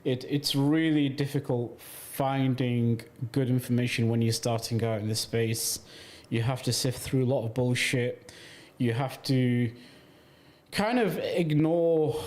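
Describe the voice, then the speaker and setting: A man's voice: medium pitch, fairly even intonation, normal speed, a little mellow. A man hosting a casual livestream chat, blunt and prone to casual swearing, who speaks in long rambling sentences. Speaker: host.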